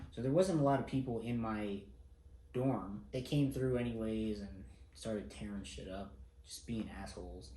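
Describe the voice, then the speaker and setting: A man's voice: on the low side, darkish tone. A young man casually recounting a personal story, laid-back and self-mocking, swearing freely. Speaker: vlogger. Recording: roomy echo.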